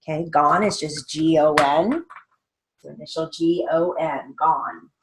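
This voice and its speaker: Teaching steno theory, a woman speaks in a low voice with fairly even intonation, patiently spelling each word letter by letter at a slow pace. She keeps asking "okay?" to check in, and there's slight background noise.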